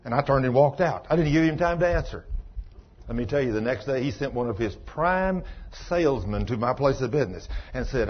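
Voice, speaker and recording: A man's voice: medium pitch, animated, brisk, slightly rough, muffled recording. A man preaching a sermon, swinging into rising, emphatic exhortation as he urges his listeners on.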